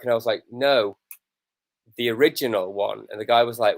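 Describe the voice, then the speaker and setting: A man's voice: medium pitch, steady tone, a little fast. A man co-hosting a wrestling watch-along, joking cheekily and telling stories. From England. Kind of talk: casual banter.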